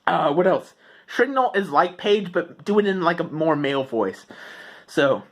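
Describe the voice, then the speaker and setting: Halting young guy explaining voices. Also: a little high, very animated. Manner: halting, full of fillers. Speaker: impressions tutorial maker. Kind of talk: casual how-to talk.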